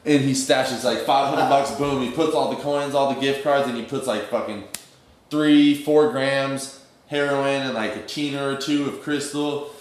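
A man's voice: mid-range voice, steady tone, moderate pace. Slangy young man in an echoey room. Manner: streetwise slang-heavy storytelling, acts out quoted dialogue. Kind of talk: casual storytelling.

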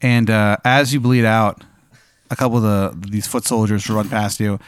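A man's voice: lowish voice, fairly even intonation, moderate pace, clean tone. A young man co-hosting a comedy show, spinning an improvised story with playful, dramatic narration and some hesitant fillers. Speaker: co-host.

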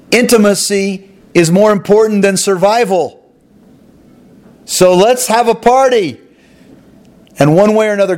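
A man's voice: on the high side, a little mellow. A man preaching a sermon, retelling a parable and voicing its characters with expression. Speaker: pastor.

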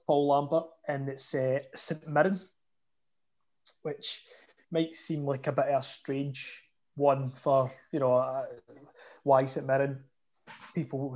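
A man's voice: medium pitch, a little mellow. A young Scottish man telling a story in a chatty, self-mocking way. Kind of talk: casual storytelling. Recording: dull lo-fi audio.

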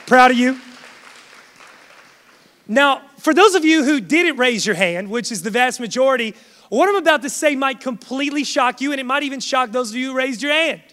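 A man's voice: extremely high pitch, lively intonation, fairly quick, pushed and bright, a faint crowd. A man preaching a sermon to a congregation, emphatic and swelling in force. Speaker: pastor. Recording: long hall reverb.

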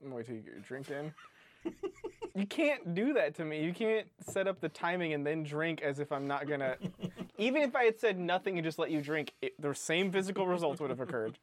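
A man's voice: a little high, expressive, fairly quick, a little hiss or hum. A man co-hosting a podcast in casual chat, rambling and joking, laughing often. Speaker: podcast co-host.

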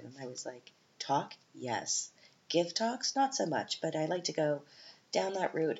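A woman hosting her own podcast, talking candidly in a casual monologue with many fillers and self-corrections. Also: very deep voice. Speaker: podcast host and mother. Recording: slightly muffled with faint hiss.

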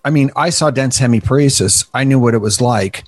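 A man's voice: medium pitch, fairly quick, dry recording. A man co-hosting a podcast, talking casually and poking fun at himself. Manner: self-deprecating, animated, laughs at himself. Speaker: podcast co-host.

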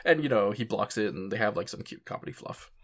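A man's voice: fairly low pitch, quick pace. A man in casual podcast chat, recapping an anime episode, laughing often and acting out the characters' quoted lines.

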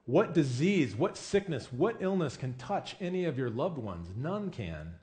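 A man delivers a sermon with a lively, swinging pitch. He talks like he is chatting with friends, with plenty of "I mean" and "you know". He keeps asking his listeners rhetorical questions. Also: a little slow. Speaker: pastor.

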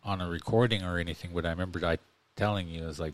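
A man's voice: low voice, fairly even intonation, very fast. A man co-hosting a podcast in casual chat, rambling with lots of fillers and speaking in an earnest, encouraging way. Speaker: podcast co-host.

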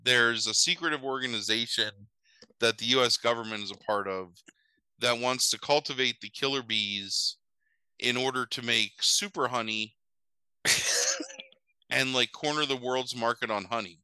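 A man with a very bright, sharp, mid-range voice retells a film's plot in a loose, rambling chat, sing-song and a little slow, full of swearing, asides, and "like" and "um." He sounds like a podcast host relaxed with his co-host. His voice is smooth and crisp, captured dry with almost no room sound or echo, though the recording itself is rough.

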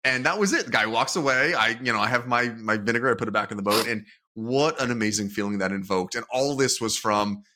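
A man co-hosting a podcast, telling a story in a relaxed, self-deprecating way. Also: mid-range voice, fast talker, hardly any pauses, noisy background. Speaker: podcast co-host. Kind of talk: casual chat.

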